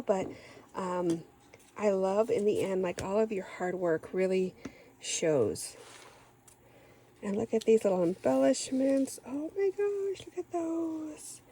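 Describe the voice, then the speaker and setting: A woman's voice: medium pitch, mellow, a little hiss or hum, rough recording. A woman hosting a craft channel, unboxing a swap package. She gushes and gasps over each item and often says "oh my gosh.".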